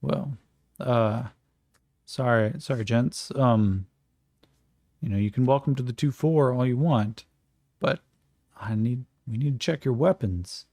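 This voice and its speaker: A man's voice: medium pitch, unhurried, long pauses, warm tone, no room sound, studio quality. A man voicing a cautious gate guard in a solo tabletop game, polite but firm.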